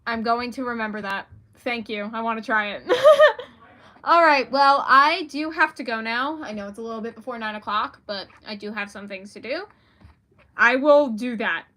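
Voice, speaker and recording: Young woman, bright clear voice, slightly high, giggly, rambling livestream chat. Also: lively intonation, normal speed. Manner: giggly, rambling, self-deprecating. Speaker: author livestreaming.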